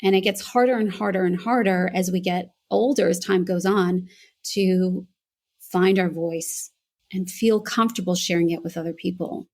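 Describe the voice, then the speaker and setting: A woman's voice: lowish voice, fairly even intonation, normal speed, darkish tone. An American woman, a voice coach, earnestly telling her story as a podcast guest. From United States. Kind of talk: podcast interview.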